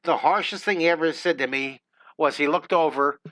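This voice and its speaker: A man's voice: on the high side, moderate pace, bright, forceful tone, no echo. A middle-aged man teaching a live drawing lesson, chatty and enthusiastic. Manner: upbeat, chatty, enthusiastic with exclamations.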